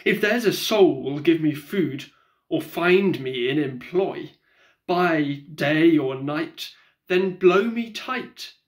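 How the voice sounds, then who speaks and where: A man's voice: fairly high pitch, expressive, slow. A man doing a forlorn little street boy. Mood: plaintive.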